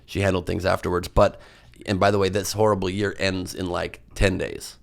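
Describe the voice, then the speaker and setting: A man's voice: deep voice, level tone, normal speed, creaky. A man, a comedian guest on a podcast, telling stories in a rambling, self-mocking way with lots of fillers. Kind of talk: casual podcast storytelling.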